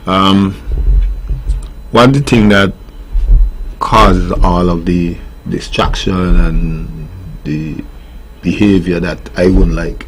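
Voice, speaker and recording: Brief: middle-aged Nevisian man, very low voice, earnest and firm, faint hiss behind. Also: fairly even intonation, slow pace, pauses often. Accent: Nevisian Caribbean English. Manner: earnest, firm when listing rules. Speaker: steel pan tutor. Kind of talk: casual interview answers. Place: radio studio.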